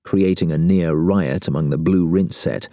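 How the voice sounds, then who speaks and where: A man narrates a first-person novel as an audiobook, delivering it with wry, sardonic timing at a moderate pace. His very low voice is mellow and dark, recorded close and dry with no echo.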